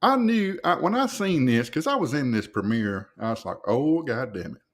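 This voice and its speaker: A man hosting a podcast, reacting to videos with loud, profane, mocking commentary. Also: mid-range voice, big pitch swings, moderate pace.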